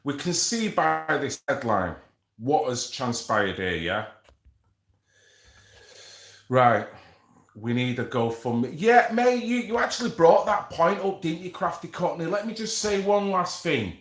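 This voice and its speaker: A man's voice: on the high side, lively intonation, a little slow. A man who hosts a live stream, chatting casually and rambling with slang asides as he reads from an article. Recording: echoey room.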